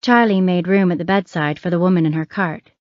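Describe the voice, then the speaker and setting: A woman reading an audiobook thriller in a measured, even scripted narration. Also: lowish voice, dry recording. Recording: dry, muffled.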